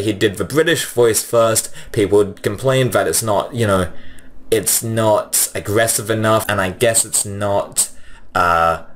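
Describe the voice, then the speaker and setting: A man giving casual opinion commentary, rambling and leaning on fillers like "you know" and "like". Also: lowish voice.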